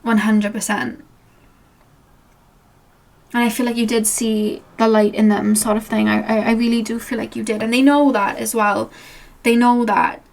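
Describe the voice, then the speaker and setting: A woman giving a pick-a-card tarot reading, talking to the viewer in a rambling, earnest, gently reassuring way. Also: a little high, flat delivery, normal speed, creaky, long pauses. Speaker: tarot reader and channeler.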